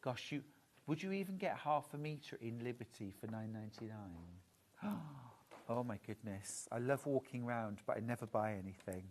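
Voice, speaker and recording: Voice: mid-range voice, animated, moderate pace, darkish tone, slight background noise. A presenter showing off fabric bundles live, gushing and admiring in a chatty way. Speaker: shopping channel presenter.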